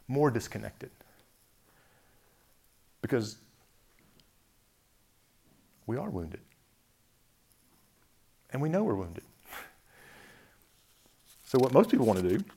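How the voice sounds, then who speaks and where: A man giving a reflective talk on faith, thoughtful, often chuckling softly and listing words slowly. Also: fairly low pitch, vocal fry, breathy edge.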